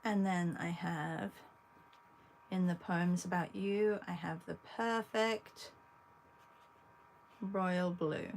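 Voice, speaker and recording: Slow, gravelly English woman chatting. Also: lowish voice, fairly even intonation, a little hiss or hum. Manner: chatty, talks to viewers between long pauses. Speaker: art livestream host. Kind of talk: casual chat while painting.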